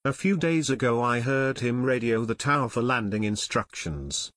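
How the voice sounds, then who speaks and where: A man voicing a nervous, haggard chief pilot who speaks in a hushed, quavering, pleading way. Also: medium pitch, moderate pace, no echo, studio quality, lightly acted. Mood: tense.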